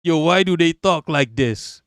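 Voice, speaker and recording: A man's voice: a little high, lively intonation, a little slow, dry recording, studio quality. Brash profane male streamer. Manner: loud, mocking, profane, laughs often. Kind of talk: profane political rant on stream.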